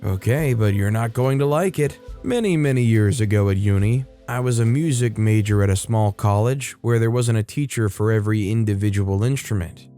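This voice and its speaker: Man, story channel host, scripted narration, brisk and upbeat, medium pitch, soft background music.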